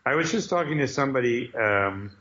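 A man being interviewed, telling animated, jokey anecdotes in casual conversation. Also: medium pitch, brisk, highs cut off. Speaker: guest, comic book writer.

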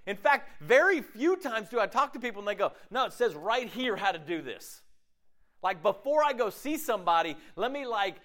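His voice sits high and moves at a moderate pace as he delivers a sermon like a conversation. The pastor animatedly asks "okay?" again and again and performs his inner dialogue in changing voices.

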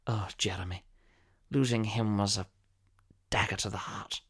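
A man's voice: a little high, sing-song, measured pace, sharp tone, full character voice. A man playing a pompous, posh older former soap actor who tells a comic monologue in a plummy, theatrical voice with sudden shrieks.

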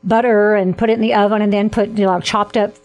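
A woman hosting a Christian talk show, telling stories in a chatty, animated way with frequent laughs. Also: medium pitch, fast, faint music behind. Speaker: host.

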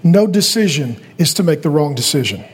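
A man preaching a fervent sermon as a pastor, building from steady talk to loud, pleading shouts. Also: on the high side, brisk, in a large hall, slight background noise.

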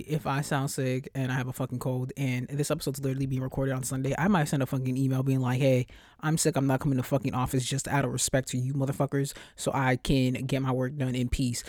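A woman's voice: very deep voice, no echo, clean studio sound. A young woman hosting her own podcast, talking casually and cursing freely, her voice stuffy from a cold. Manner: profane, animated, lots of cursing. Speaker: podcast host. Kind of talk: casual solo podcast rant.

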